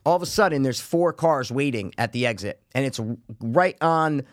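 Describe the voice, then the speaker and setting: A man spins a profane, animated story in casual conversation. His pitch leaps and dips constantly as he acts out the people in it. The recording is dry and close, with no room sound. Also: normal speed, no echo. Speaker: podcast co-host telling a story.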